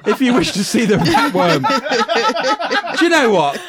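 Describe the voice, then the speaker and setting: A man's voice: high voice, very animated, normal speed, a loud crowd. A middle-aged man hosting a comedic paranormal radio show, teasing his co-hosts and laughing often. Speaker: host.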